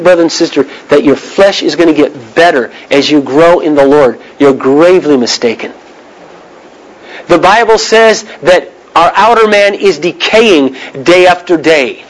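A man's voice: on the high side, rough recording. A man preaching a sermon in an earnest, emphatic way, asking the listeners pointed questions.

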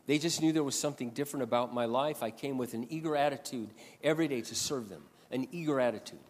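A man preaching a sermon in a storytelling way, animated and swinging between loud passages and quiet asides. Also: medium pitch, fast talker, long reverb tail. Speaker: pastor.

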